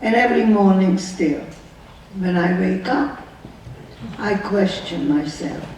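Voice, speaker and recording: Her voice mid-range and slow with a darkish tone, a woman in her nineties earnestly shares her story as a survivor speaker, asking lots of rhetorical questions. The audio is dull with some hiss or hum, captured far off in an echoing hall with faint background ambience.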